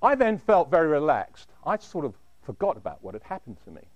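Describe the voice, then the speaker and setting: A man telling a dramatic first-person story in a measured way, dropping low at the end of his phrases. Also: sing-song, dry recording, highs cut off.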